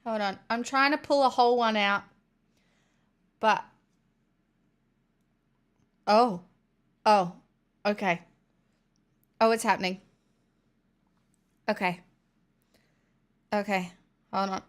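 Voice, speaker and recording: A woman's voice: mid-range voice, steady tone, slow pace, long pauses, smooth. A woman with an Australian accent hosting a live stream, chatting casually and narrating aloud as she tastes food. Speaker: livestream host.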